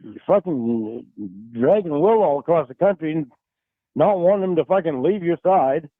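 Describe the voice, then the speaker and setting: A man's voice: fairly high pitch, animated, moderate pace, no room sound. A man arguing angrily and swearing on a recorded phone call. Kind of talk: heated phone argument. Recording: tinny phone-line recording.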